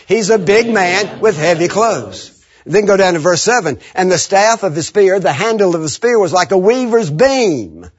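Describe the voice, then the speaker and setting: A man preaching a sermon, animated and laughing often, leading the congregation in call-and-response. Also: sits high, husky. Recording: muffled lo-fi sermon recording.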